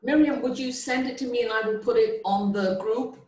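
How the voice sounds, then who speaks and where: A woman's voice: fairly high pitch, steady tone, fairly quick, darkish tone, reverberant. A woman organizing the group on an online call, speaking in a helpful, practical way. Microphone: video call.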